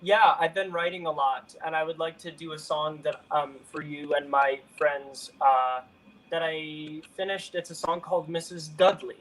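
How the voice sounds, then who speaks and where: A man's voice: on the high side, steady tone, moderate pace, fairly bright tone, a little hiss or hum, rough recording. A young man chatting as a guest over a video call, bubbly and enthusiastic, often cutting himself off mid-sentence. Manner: bubbly, enthusiastic, self-interrupting. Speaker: guest singer-songwriter. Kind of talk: casual video-call chat.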